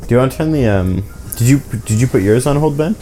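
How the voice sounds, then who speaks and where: A man's voice: medium pitch, animated, fast talker, dark tone. A man co-hosting a podcast, joking and teasing his friends in casual chat. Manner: teasing, playful banter. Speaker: podcast co-host.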